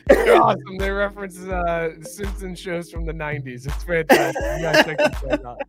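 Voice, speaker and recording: A man co-hosting a sports podcast, loud, excitable and profane, in casual chat. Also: sits high, fairly quick, music in the background. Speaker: podcast co-host.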